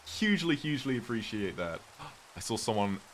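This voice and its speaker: A British man with a notably deep voice, talking casually and meandering as he plays a game. He reads viewer messages out loud and chats back in a relaxed way. Faint rain noise sits under his voice. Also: moderate pace. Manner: rambling, chatty, reads viewer messages aloud. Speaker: streamer. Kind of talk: casual gameplay chat.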